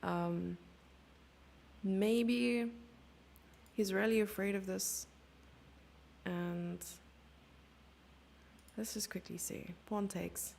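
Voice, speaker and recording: Gravelly-voiced woman doing live chess commentary, chatty, talks to herself a lot. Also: mid-range voice, fairly even intonation, extremely slow, long pauses, darkish tone, slight background noise. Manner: chatty, thinking aloud, dropping into whispers. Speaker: chess streamer.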